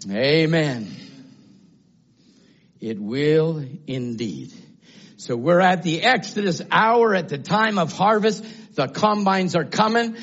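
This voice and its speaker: An older man preaching a fiery sermon, shouting at times and then dropping to low murmurs. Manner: shouting, swinging from low murmurs to high cries. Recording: dull lo-fi sound.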